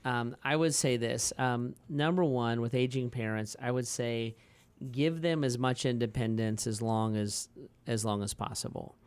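A man in his forties with a smooth, resonant voice, chatting on a podcast like a pastor talking things through. He rambles through stories with lots of fillers and restarts and laughs easily. His voice sits at an ordinary pitch and sounds dry and close. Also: fairly even intonation, measured pace, a little mellow, no echo. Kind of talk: casual podcast conversation.

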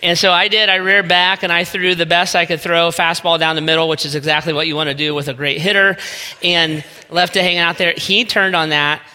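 A man's voice: fairly high pitch, little pitch movement, brisk, bright, forceful tone, clear, resonant tone. A man in his forties, a pastor giving a folksy, self-deprecating sermon with a personal story in a church sanctuary. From Northeast Ohio. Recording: long hall reverb.

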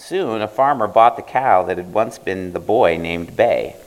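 A man's voice: lowish voice, animated, a little slow. A man casually reading a fairy tale aloud to his audience, chatty and a little hesitant, laughing along. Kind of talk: casual storytelling talk.

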